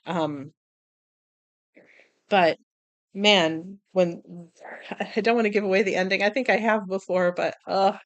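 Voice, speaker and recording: A woman vlogger chatting casually about writing, animated, laughing often and acting out little quotes. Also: medium pitch, a little slow, pauses often, dry recording. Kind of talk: casual chat.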